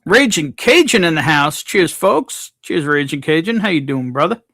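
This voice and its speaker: A man's voice: a little high, big pitch swings, normal speed, pushed and bright, no room sound, clean studio sound. Laid-back man greeting livestream chat. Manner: reads chat names aloud, laid-back. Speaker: livestream host.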